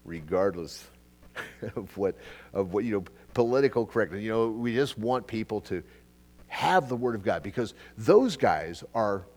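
A middle-aged male pastor preaching a Bible teaching, swinging between loud, emphatic bursts and quiet asides. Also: lowish voice, animated, normal speed. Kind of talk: expository sermon.

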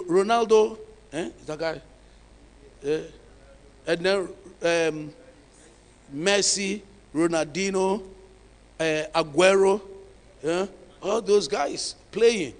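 A male pastor preaching a sermon, emphatic and dramatic, swinging from hushed tones to shouts. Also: sits high, takes it slowly, long pauses, long reverb tail.

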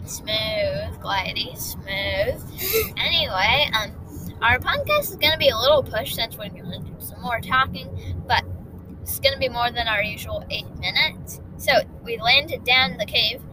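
A woman narrating an improvised story for a homemade podcast. Her voice sits high and moves with lively swings, and she rambles with plenty of fillers. Steady road noise from the moving car runs beneath her. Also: normal speed. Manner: rambling, full of "like" and "um".

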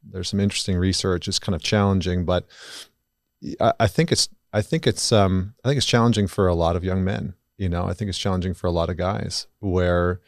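A man's voice: low voice, fairly even intonation, fairly quick, creaky, no room sound, studio quality. A man in his thirties, a guest on a podcast, speaking candidly and bluntly with casual swearing. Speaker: podcast guest, men's work facilitator.

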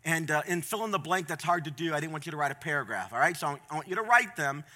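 A man preaching a sermon in a conversational, folksy way, moving between quiet asides and loud, emphatic points. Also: on the high side, lively intonation, quick pace. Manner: folksy, plain-spoken. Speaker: pastor.

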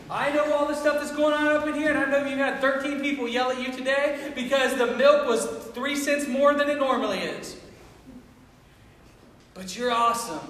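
A man's voice: extremely high pitch, fairly bright tone, a little hiss or hum. A man preaching a sermon, full of impassioned rhetorical questions. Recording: echoey hall from far off.

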